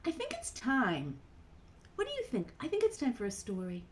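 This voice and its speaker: A woman leading a children's session over a video call, cheerful and hands-on as she walks the kids through each movement. Her voice sits high and swoops about lively, with a faint ambient hum underneath. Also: moderate pace. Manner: playful, animated, guides kids through movements. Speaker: cantor leading a children's program.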